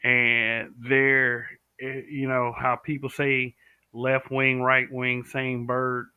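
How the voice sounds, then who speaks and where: A man from the American South hosts a live stream and gives blunt opinions while answering viewers' comments. His voice sits at an ordinary middle pitch. The audio is tinny and phone-like, with no room echo. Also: completely flat delivery, slow pace, clean tone. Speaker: livestream host.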